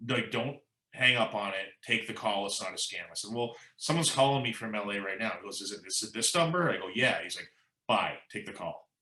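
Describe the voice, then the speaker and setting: A man's voice: fairly low pitch, brisk, roomy sound, poor audio. A man guest in a casual interview, telling an anecdote with lots of quoting and fillers. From United States. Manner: animated anecdote-telling, quoting others, says "like" and "you know" a lot. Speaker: musician guest.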